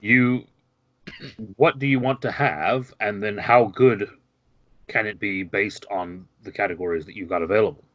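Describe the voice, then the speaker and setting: A man explaining the rules of a tabletop game as game master, measured and patient. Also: on the low side, fairly bright tone, no room sound, low-quality recording.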